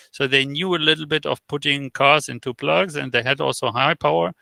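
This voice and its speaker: Gravelly, bright-voiced man telling stories. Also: fairly high pitch, dry recording. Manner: halting, with many fillers and restarts; animated storyteller who acts out quoted exchanges. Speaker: interview guest. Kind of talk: casual interview chat.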